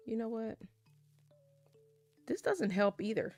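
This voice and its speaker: A woman's voice: on the high side, sing-song, takes it slowly, pauses often, a little mellow, no echo, soft background music. A young adult woman vlogger chatting casually and laughing often while opening card packs.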